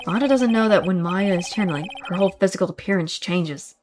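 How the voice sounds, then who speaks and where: Brief: woman streamer, casual read-along, chatty asides, soft music. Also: lowish voice, fast talker. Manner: reads game text aloud, chatty asides.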